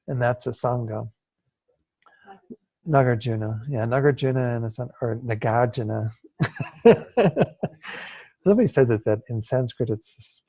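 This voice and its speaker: A man's voice: mid-range voice, gravelly, dark tone, slightly rough, dry recording. A man teaching a Buddhist study class over a video call, explaining at an easy pace with fillers and the odd laugh. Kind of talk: online class lecture.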